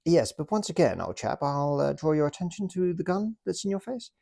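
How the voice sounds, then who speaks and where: A man's voice: a little high, sing-song, a little fast, gravelly, mellow, dry recording, studio quality, pitched above the performer's own voice, full character voice. A man voicing a posh male British army officer who stays polite but firm. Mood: smug, polite. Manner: clipped upper-class politeness.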